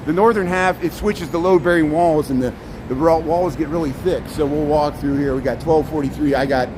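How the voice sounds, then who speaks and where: A man's voice: fairly high pitch, a little fast. A man, live-streaming a walking tour, pointing things out in a chatty way and often restarting his sentences. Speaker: vlogger streaming a city walk. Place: walking outdoors on a city street, then inside a building arcade. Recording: echoey arcade, traffic noise.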